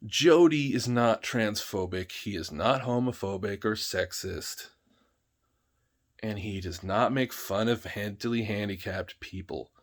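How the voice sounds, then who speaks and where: A man's voice: on the low side, unhurried. A man ranting in a vlog, heated, emphatic and full of swearing. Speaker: vlogger.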